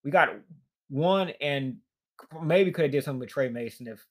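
A man's voice: mid-range voice, normal speed. Tired, frustrated young man ranting. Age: young adult. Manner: tired, frustrated, profane, rambling. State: fatigued. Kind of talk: casual rant.

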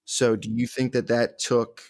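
Young male podcast co-host, gravelly, close dry sound, earnest rambler. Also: mid-range voice, level tone, measured pace, darkish tone, no room sound. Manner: rambling, filler-heavy, earnest. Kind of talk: casual chat.

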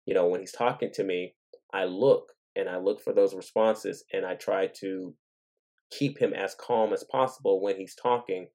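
Gravelly low-voiced man, earnest. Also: fairly even intonation, normal speed. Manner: earnest, gentle, thinking aloud. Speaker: father and podcast host. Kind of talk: casual reflective monologue.

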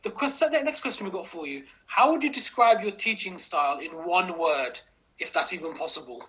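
Quick, husky-voiced woman host. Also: lowish voice, fairly bright tone, rough recording. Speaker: podcast host. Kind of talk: casual podcast interview.

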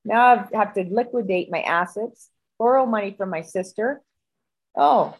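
Woman guest on a video call, fiery and foul-mouthed storyteller, medium-pitched voice. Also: moderate pace, slightly rough, low-quality recording. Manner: profane, heated, animated storytelling.

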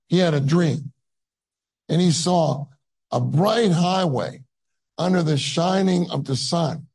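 A man's voice: on the high side, creaky, darkish tone, slightly rough, rough recording. A man giving a sermon, telling a personal story in a conversational, earnest way with many asides. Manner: conversational, full of asides and fillers; tender and earnest when recalling. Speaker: conference speaker.

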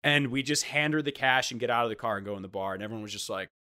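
A man telling a funny story in casual chat, animated and acting out the voices he quotes. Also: mid-range voice, racing. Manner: animated, acts out quoted voices, restarts often. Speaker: guest storyteller.

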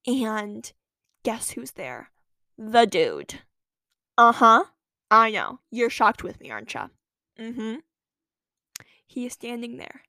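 A teenage girl hosting her own podcast, telling a story in a chatty, animated way that jumps from loud lines to whispered asides. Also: on the high side, no room sound, clean studio sound. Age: late teens. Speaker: podcast host. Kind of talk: casual storytelling monologue.

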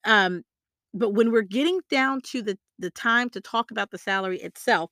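At medium pitch and normal speed, a woman's bright, forceful voice coaches listeners on salary negotiation in an emphatic, motivating way. This career coach repeats key phrases and keeps asking tag questions. The studio-quality audio has no echo.

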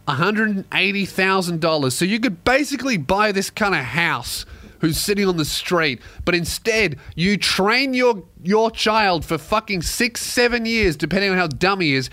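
A man's voice: high-pitched, bright, forceful tone, no room sound. A young Australian man hosting a podcast, ranting in a sarcastic, profane comedic style. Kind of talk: comedic rant.

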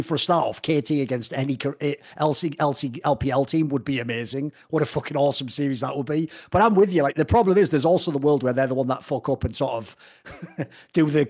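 A man with a husky, fairly high voice co-hosts an esports talk show. He talks in a brash, teasing way and swears freely. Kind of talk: casual opinionated chat.

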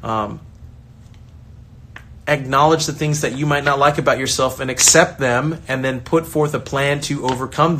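Energetic man giving pep talk. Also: on the high side, a little hiss or hum. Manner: energetic, acts out quoted voices, rambling restarts. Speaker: soccer coach and online creator. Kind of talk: casual motivational talk.

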